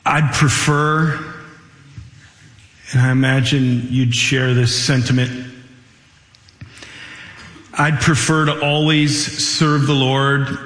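A man's voice: medium pitch, fairly even intonation, slow, long pauses, fairly bright tone. A man preaching a sermon as pastor, speaking earnestly and acting out the people he quotes. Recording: echoey hall with long reverb.

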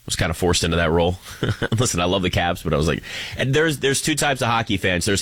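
A man's voice: sits low, animated, quick pace, fairly bright tone, dry recording. A man giving an opinionated sports talk monologue, wry and joking as he rants. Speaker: sports commentator.

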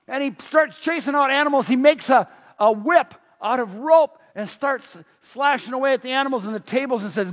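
Emphatic male preacher, high-pitched, sermon ringing through a large hall. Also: normal speed. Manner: animated, emphatic, many restarts.

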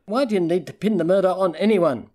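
A man's voice: high-pitched, quick pace, darkish tone, pitched above the performer's own voice, lightly acted. Male reader doing a cutting, sarcastic female private eye for an audiobook; slightly raised voice. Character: sharp-tongued female private investigator.

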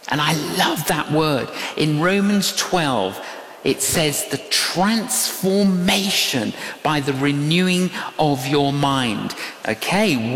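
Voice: mid-range voice, fairly bright tone. An older preacher giving a sermon, telling a story with emphatic repetition and quoted dialogue. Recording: echoey hall with long reverb.

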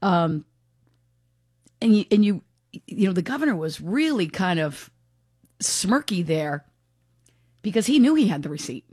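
Chatty talk radio lady, kinda low voice, dry close studio mic, says what she thinks. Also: big pitch swings, measured pace, pauses often, a little mellow, breathy edge, no echo. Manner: chatty, opinionated, frank. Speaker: radio talk show host. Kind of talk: casual opinionated talk radio. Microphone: studio microphone.

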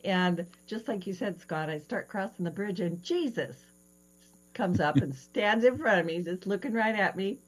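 A woman hosting a radio talk show, telling stories in an animated way with frequent fillers and hesitations. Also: medium pitch, moderate pace, poor audio. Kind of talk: casual radio interview chat.

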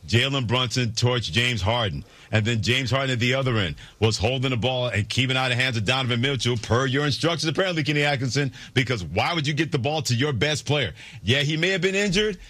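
A man's voice: mid-range voice, fast, few pauses, a bit bright, dry recording. A man hosting a sports talk show, delivering wry, sardonic commentary. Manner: sardonic, storytelling. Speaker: sports radio host.

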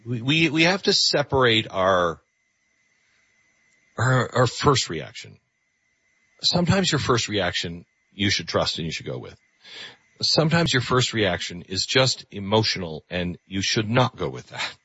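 A man's voice: on the low side, a little slow, slightly rough, dry recording. A man hosting a call-in radio show, talking earnestly with frequent restarts. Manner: earnest, animated, with repeated restarts. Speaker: radio talk show host. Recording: slightly muffled radio studio audio.

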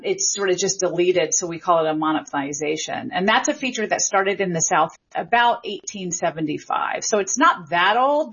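Husky-voiced woman linguist explaining eagerly. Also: mid-range voice. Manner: enthusiastic, explanatory, quick bursts when excited. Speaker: linguistics professor and author, guest. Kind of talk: radio interview answers. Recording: slightly muffled broadcast audio.

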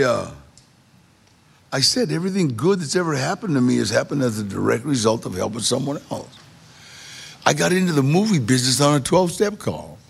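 A man in middle age telling a personal story in a casual, animated way, acting out the voices of people he quotes. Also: on the high side, gravelly, husky. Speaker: guest storyteller.

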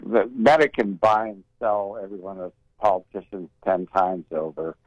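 A man's voice: low-pitched, steady tone, normal speed, no room sound. A man calling into a radio show, chatty and cynical, often repeating words. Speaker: caller. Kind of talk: casual call-in talk. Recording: dull phone-line call.

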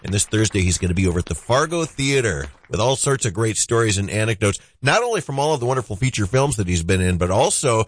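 A man's voice: on the low side, very animated, fast, few pauses, no echo. A man hosting a radio morning show, introducing a studio guest in an upbeat announcer manner. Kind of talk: radio interview.

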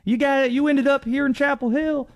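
A man doing a high, drawling Southern reporter. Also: fairly even intonation, normal speed, gravelly. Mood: eager. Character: eager male local reporter with a drawl.

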